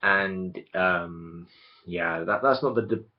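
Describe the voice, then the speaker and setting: A man's voice: deep voice, takes it slowly. A young man ranting casually to camera about a film franchise, rambling and stopping to restart his sentences. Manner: rambling, self-interrupting, opinionated. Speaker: video blogger. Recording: dull lo-fi recording.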